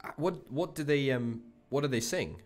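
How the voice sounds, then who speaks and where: A man chatting while gaming as a guest, a curious, teasing listener who asks quick questions. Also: medium pitch, faint music behind. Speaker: guest co-player. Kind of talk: casual chat while gaming.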